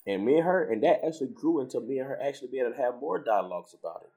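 A man's voice: mid-range voice, racing. A man telling a personal faith story in casual talk, acting out the voices of the people he quotes. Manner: storytelling, animated when quoting others.

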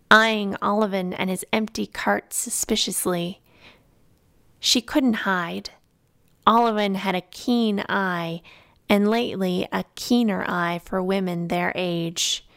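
Woman audiobook narrator, unhurried, measured, calm. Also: mid-range voice, dry recording, clean studio sound. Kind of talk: scripted narration.

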